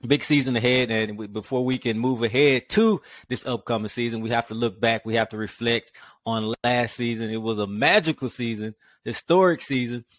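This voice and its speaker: Man, podcast host, lively, rhetorical questions, mid pitch, dry studio sound. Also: normal speed, no echo. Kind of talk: casual sports podcast talk.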